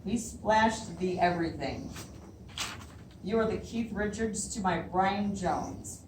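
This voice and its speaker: This is a live poetry reading: a woman with a mid-range voice takes her time reading her own poems at a library, nervous and frequently breaking into laughter between lines. She is heard from a distance in a roomy hall, and there is background noise.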